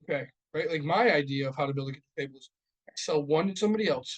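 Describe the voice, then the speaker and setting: His fairly high voice comes rapid-fire over poor audio as he spins heated, profane stories. He's a man in his thirties co-hosting a casual podcast from a studio.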